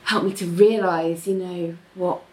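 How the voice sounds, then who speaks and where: A woman's voice: lowish voice, fairly even intonation, a little slow, noisy background. A woman in casual chat, recapping a TV episode and animatedly acting out the characters' lines. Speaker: podcast co-host recapping a TV episode.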